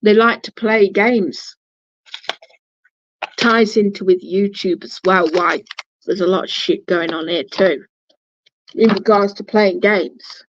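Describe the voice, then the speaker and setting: A woman's voice: mid-range voice, steady tone, slow pace, long pauses, slight background noise. A woman vlogger telling a personal story casually, blunt and swearing, often restarting her sentences. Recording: dull lo-fi, dry sound.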